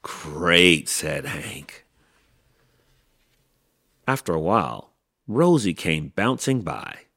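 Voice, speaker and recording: A man with a deep, gravelly, husky voice reads a children's book aloud at an unhurried pace. His pitch swings widely as he tells the story. The recording is dry and close. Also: no echo. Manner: slow, expressive storytelling. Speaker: podcast host.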